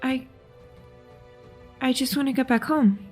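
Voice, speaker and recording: A woman's voice: high voice, measured pace, soft background music. A woman voicing a timid, hesitant little girl. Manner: hesitant, soft-spoken.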